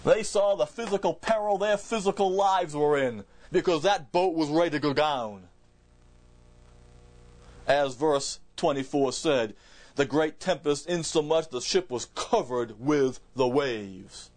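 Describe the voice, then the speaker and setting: A man's voice: a little high, a little slow, a little mellow. A man preaching a verse-by-verse Bible sermon in an emphatic way, repeating words and restarting phrases as he explains.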